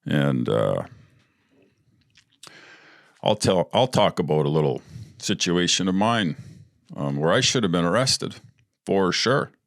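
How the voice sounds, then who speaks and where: Brief: man, very low voice, podcast host, casual profane storyteller, dry close sound. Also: very animated, slow, creaky, pauses often, no room sound. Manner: blunt and profane, laughing through his stories.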